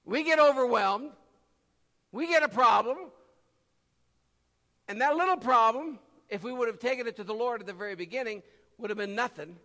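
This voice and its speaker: A man preaching a sermon, swinging from loud cries to low murmurs and acting out the voices of people in his stories. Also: normal speed, pauses often, in a large hall.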